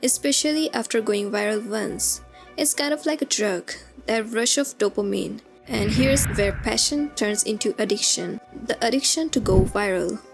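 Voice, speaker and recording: A woman reads a scripted commentary voice-over, explaining things in an easy, conversational manner. Her voice sits fairly high, and soft background music plays beneath her. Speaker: commentary narrator. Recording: music bed underneath.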